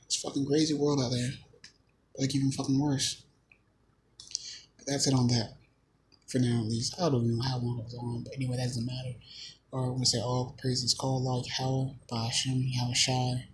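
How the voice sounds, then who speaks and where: Profane rambling man, mid-pitched voice. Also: slight background noise, rough recording. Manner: swearing constantly, hesitant, restarting. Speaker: channel host.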